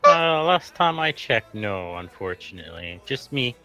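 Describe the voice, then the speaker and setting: A man's voice: mid-range voice, big pitch swings, measured pace, pushed and bright, faint music behind. A man playing a tabletop game, answering in character in a wry, subdued way. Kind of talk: in-character role-play.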